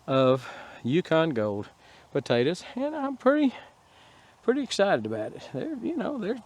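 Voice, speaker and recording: A man's voice: mid-range voice, darkish tone, dry recording. A middle-aged man with a Texan accent, chatting folksily outdoors in his garden as he digs and shows his harvest. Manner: folksy, rambling, chuckles while talking. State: a little winded. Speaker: gardening vlogger. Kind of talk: casual outdoor garden vlog.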